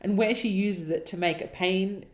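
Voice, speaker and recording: A woman's voice: medium pitch, normal speed. Laughing woman reading aloud in a roomy echo. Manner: exasperated, laughing, sarcastic asides. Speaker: podcast co-host reading an old manuscript aloud. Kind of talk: dramatic reading with mocking commentary.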